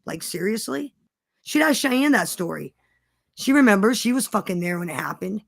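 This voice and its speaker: A woman's voice: mid-range voice, animated, moderate pace, vocal fry, no echo. A woman guest telling a story in a defiant, profane way, repeating herself for emphasis. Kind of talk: casual storytelling.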